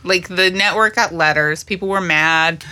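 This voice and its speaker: A woman's voice: lowish voice, moderate pace, pushed and bright. A woman co-hosting a podcast, chatting casually and laughing often as she recaps TV episodes. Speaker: podcast co-host. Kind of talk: casual chat.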